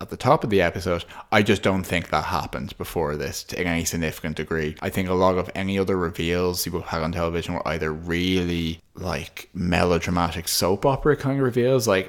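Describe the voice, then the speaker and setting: A man with a very deep voice co-hosts a podcast in a casual but analytical way. He talks at length and loops back over his own half-finished phrases as he thinks aloud. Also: fairly bright tone. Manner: talkative, thoughtful, many restarts. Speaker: podcast co-host.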